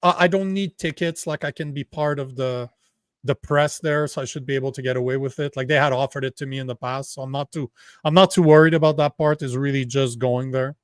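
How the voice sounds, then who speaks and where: A man whose first language is French, co-hosting a casual political livestream in a rambling, animated way with free swearing. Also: medium pitch, a little fast, clean tone, no room sound, studio quality. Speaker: livestream co-host.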